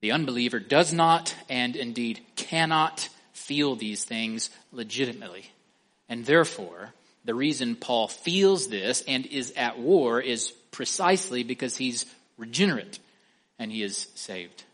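A man preaching an expository sermon, emphatic, asking the listeners questions and slowing down or speeding up for stress. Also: medium pitch, animated, fairly bright tone. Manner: emphatic, asks the listeners questions, varies pace and volume for stress.

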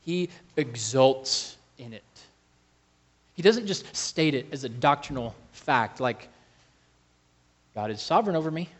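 A man preaching a sermon, slow and emphatic, calling to the congregation for amens. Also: fairly high pitch, lively intonation. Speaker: pastor.

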